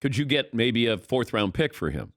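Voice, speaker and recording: Wry, lively male sports radio host. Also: medium pitch, normal speed, no echo, clean studio sound. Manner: wry, animated, calls on co-hosts. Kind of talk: casual sports talk. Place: radio studio. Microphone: studio microphone.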